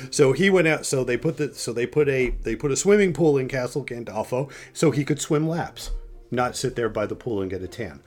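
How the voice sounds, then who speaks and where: An older man, a podcast host and grandfather, telling stories in a casual, animated way and often restarting his sentences. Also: medium pitch, a little fast. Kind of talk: casual storytelling chat.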